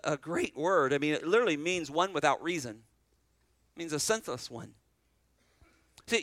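A man preaching an expository sermon as pastor, reading scripture slowly and explaining it briskly, with animated swings between loud and soft delivery. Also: high voice, no echo, low-quality recording.

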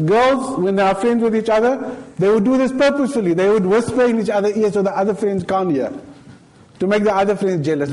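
Man, South African accent, high voice, mosque sermon, rhetorical questions. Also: darkish tone, poor audio. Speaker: preacher.

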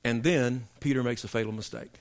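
A man preaching a sermon, telling joke stories in a folksy way, then building into loud emphatic preaching. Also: mid-range voice, steady tone, brisk. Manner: folksy storyteller, swings from soft asides to loud emphatic preaching.

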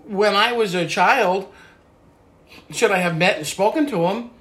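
An older man reflecting on his family history in a relaxed conversation, halting at times as he remembers. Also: high voice. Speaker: guest telling family history. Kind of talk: casual conversation.

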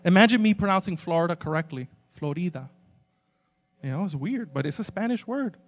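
High-voiced animated preacher in a reverberant hall. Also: male voice, quick pace. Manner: animated, swings from loud exclamations to quiet asides. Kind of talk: humorous sermon. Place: church sanctuary with a live congregation. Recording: long hall reverb from a church sanctuary.

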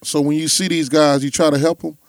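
A man's voice: a little high, a little fast, dry recording. A man telling stories in a casual chat, acting out the people in them. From Chicago. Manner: animated storyteller, acts out voices.

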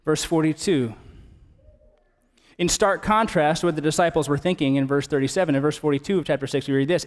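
Earnest preacher in an echoing hall. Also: male voice, on the high side, fairly quick. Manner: earnest, conversational, builds up with emphasis. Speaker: pastor. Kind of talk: sermon.

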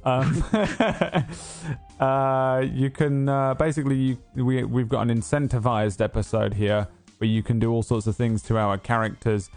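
A man's voice: mid-range voice, fairly even intonation, unhurried, darkish tone, soft background music. A man hosting a tabletop game stream, feeling unwell, rambling and joking with many fillers. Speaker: game master and host. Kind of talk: casual chat opening a tabletop game stream.

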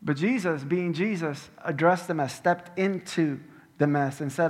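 A man preaching a sermon as pastor, emphatic and conversational, going soft and slow when quoting, on a head-worn mic in a church. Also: on the high side. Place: church sanctuary. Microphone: head-worn microphone. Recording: long hall reverb.

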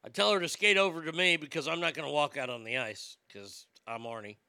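A man's voice: a little high, brisk, pushed and bright, clear, resonant tone, no echo, studio quality. A man delivering a blunt, sarcastic, profane opinion rant as a commentator.

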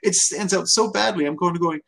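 A man's voice: high voice, a little fast, vocal fry, a bit bright. A man co-hosting a podcast in casual chat, argumentative, rambling and jokey. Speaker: podcast co-host.

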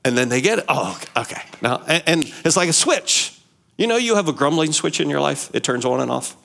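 A male pastor preaching a sermon in an animated way, asking rhetorical questions and repeating key phrases. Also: a little high, fairly quick, vocal fry, a little hiss or hum.

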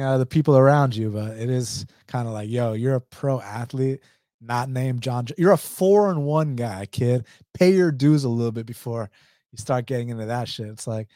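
A man's voice: mid-range voice, darkish tone, no room sound, studio quality. A man with an Atlanta accent hosting a casual livestream, reading viewer comments and answering bluntly with slang and laughs. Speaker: MMA betting livestream host.

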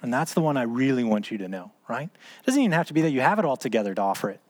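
A man's voice: medium pitch, very animated, rapid-fire. Man, church group leader, casual teaching, asks himself questions, mid-range voice. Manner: conversational, asks and answers his own questions. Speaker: small-group discipleship leader. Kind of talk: casual teaching talk ending in prayer.

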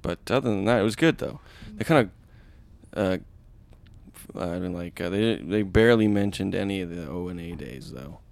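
A man's voice: deep voice, expressive, moderate pace, creaky, a little mellow, no room sound. A man co-hosting a comedy podcast, chatting casually and crudely, joking around. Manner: crude, joking, does mock voices. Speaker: podcast co-host.

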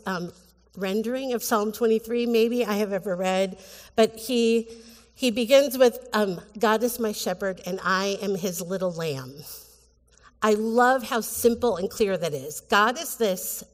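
A woman pastor giving a sermon in an earnest, halting way, with frequent restarts. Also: medium pitch. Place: church sanctuary. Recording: church hall with long reverb.

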